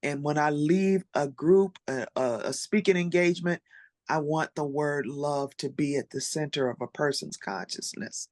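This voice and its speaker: An earnest conference speaker, voice type uncertain, sharing reflections in a heartfelt panel talk. The delivery is mid-pitched and thoughtful, with pauses and small restarts. The recording is dry and close. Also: a little mellow, no room sound.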